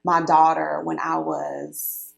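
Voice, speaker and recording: A woman in her late thirties tells her story as a guest in relaxed conversation. Her voice sits a little low and carries a gravelly, fried texture. She talks animatedly, with frequent laughs and fillers. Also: slow, lo-fi sound. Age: late 30s.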